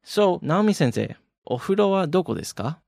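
A man co-hosting a podcast lesson, joking and teasing while explaining grammar slowly. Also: fairly high pitch, sing-song, vocal fry, darkish tone, dry recording, studio quality. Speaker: podcast co-host teaching Japanese. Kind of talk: casual language lesson banter.

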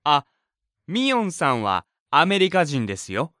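A cheerful multilingual man, as an actor plays him in a scripted lesson dialogue, talking upbeat and clearly. His voice is sharp and resonant. The recording is dry and close. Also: on the high side, huge pitch swings, fairly quick, no echo, full character voice. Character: Fabrizio, a friendly multilingual man.

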